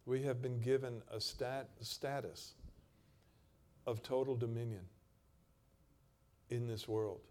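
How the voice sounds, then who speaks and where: A man preaching a sermon, reading scripture aloud in a dramatic way and moving between loud stretches and quiet emphasis. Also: mid-range voice, steady tone, takes it slowly, long pauses.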